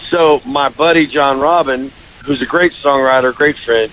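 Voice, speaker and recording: A man talks through a story on a radio show, lively and full of voices for his friends. His pitch sits in the middle. A faint hiss runs under the recording. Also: moderate pace, rough recording. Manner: animated storyteller, jumps into high voices for quoted friends. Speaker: country singer, guest. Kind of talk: casual storytelling interview. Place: radio studio.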